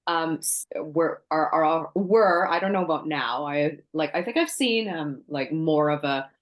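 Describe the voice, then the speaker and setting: A woman's voice: low-pitched, a little slow. A woman on a webinar, speaking hesitantly with many fillers. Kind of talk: webinar discussion.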